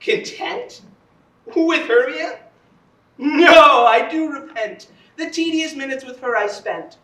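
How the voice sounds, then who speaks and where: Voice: sits high, animated, a little slow, fairly bright tone, heavily acted. An actor playing an ardent, fickle young male lover, declaiming verse in a stage play. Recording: distant echoey stage, faint noise.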